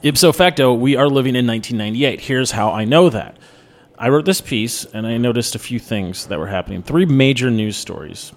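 A man's voice: mid-range voice, animated, fairly quick. A man in his thirties hosts a podcast in loose, casual chat. He talks bluntly and opinionatedly, spinning his points into jokey rants. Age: 30s. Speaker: podcast host.

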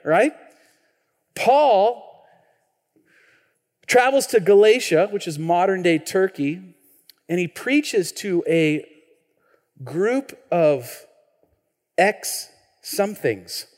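A man in his thirties preaches in a church, telling stories in a relaxed, conversational way and often throwing questions to the congregation. His voice sits a little high for a man and he restarts his sentences often. Long reverb from the sanctuary trails his words. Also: drawn-out words, pauses often. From Washington state, US. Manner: animated, conversational, frequent restarts and audience questions. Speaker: pastor. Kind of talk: sermon with personal storytelling.

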